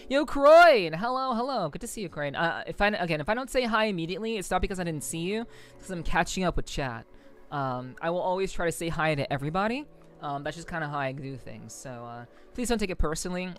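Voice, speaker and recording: A woman streamer chatting casually with viewers, rambling, swearing freely and laughing often. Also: low-pitched. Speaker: livestreamer. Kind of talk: casual livestream chat with viewers.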